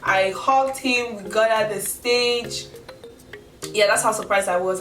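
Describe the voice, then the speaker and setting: A woman's voice: mid-range voice, unhurried. Chatty young woman storyteller, echoey room. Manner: chatty, animated, acts out her own quotes. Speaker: vlogger. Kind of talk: casual storytelling. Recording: roomy echo from a distance, music behind. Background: background music.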